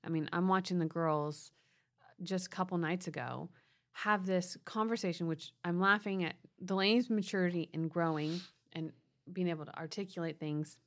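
A woman's voice: fairly low pitch, steady tone, normal speed. A woman in her thirties co-hosting a podcast, chatting and explaining parenting advice. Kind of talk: casual conversational advice.

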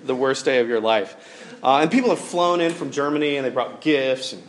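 A man's voice: mid-range voice, lively intonation, normal speed, slight background noise. A man in his thirties preaching a sermon, telling a personal story in a casual, rambling way with many fillers. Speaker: pastor.

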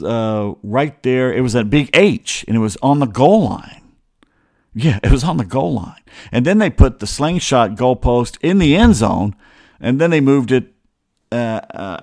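A man's voice: mid-range voice, no echo, clean studio sound. A middle-aged man from Georgia hosting a casual on-this-day sports history rundown, rambling and digressing as he loses his train of thought. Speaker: sports talk host.

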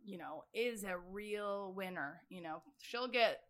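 A woman's voice: mid-range voice, slow pace, fairly bright tone. A young woman, a guest, chatting casually in a bar with a laid-back, filler-heavy way of talking. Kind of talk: casual chat.

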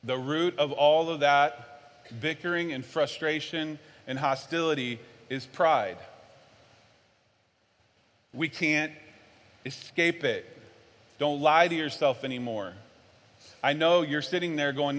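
A man preaching a sermon, animated, swinging from low and earnest to loud and worked-up. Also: takes it slowly, pauses often. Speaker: pastor. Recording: long hall reverb.

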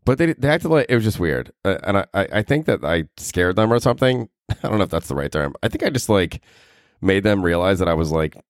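A man's voice: low-pitched, dry recording, clean studio sound. A young man hosting a podcast, telling stories in a casual, self-mocking way, laughing often and swearing a lot. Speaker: podcast host. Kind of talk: casual storytelling monologue.

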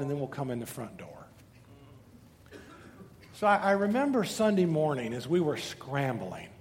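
A middle-aged man preaching a sermon to his church, swinging between loud urgent lines and hushed asides. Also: on the high side, long reverb tail. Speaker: pastor. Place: church sanctuary.

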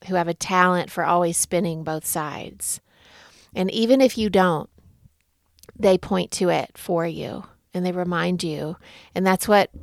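A middle-aged woman hosting a podcast, telling a story and reflecting in a gentle, unhurried way. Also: fairly low pitch, gravelly, dry recording, studio quality. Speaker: podcast host. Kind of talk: reflective spoken talk.

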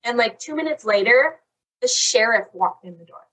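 A young woman casually telling a long story on a chat podcast, animated and saying "like" constantly. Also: fairly high pitch, moderate pace. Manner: animated, fills talk with "like". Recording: voice a bit far from the mic.

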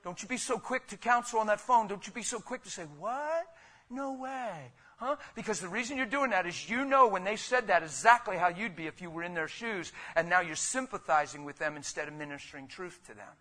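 A man preaching a sermon in a conversational, rhetorical way, with sudden loud bursts. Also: high voice, fast talker, hardly any pauses. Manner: conversational, calls listeners "man" and "guys". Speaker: pastor.

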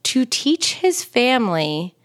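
A woman's voice: on the high side, very animated, slow pace. A woman co-hosting a podcast, chatting casually, laughing often and swearing freely. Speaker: podcast co-host. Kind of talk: casual chat.

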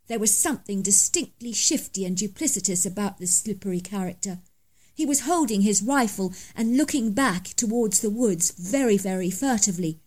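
A woman's voice: medium pitch, darkish tone. Woman narrating a dramatic story. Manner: dramatic, emphatic reading. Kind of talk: scripted first-person story narration.

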